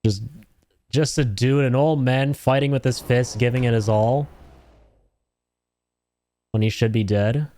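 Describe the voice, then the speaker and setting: A man streaming a game, giving casual, slangy, excitable commentary full of swearing. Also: medium pitch, measured pace, pauses often.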